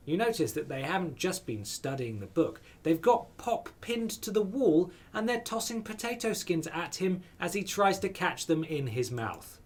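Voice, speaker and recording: Man, game streamer, lively pitch, slightly high voice, wry, reading game text. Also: moderate pace, hardly any pauses. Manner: playful, wry asides. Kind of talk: reading a dating sim aloud with commentary.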